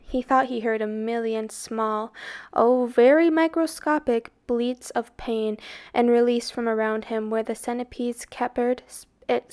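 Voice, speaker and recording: Slow, expressive woman reading aloud. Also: a little high, smooth. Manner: dramatic, expressive storytelling. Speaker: book club reader.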